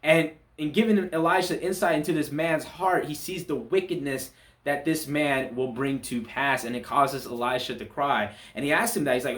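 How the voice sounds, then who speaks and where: A man walks through a Bible chapter in a loose, conversational way, stopping and restarting as he goes. His voice sits a little on the high side. The sound carries a noticeable room echo. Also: moderate pace. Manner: relaxed, conversational, with frequent restarts and fillers. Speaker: church Bible study teacher. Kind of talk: casual Bible chapter commentary.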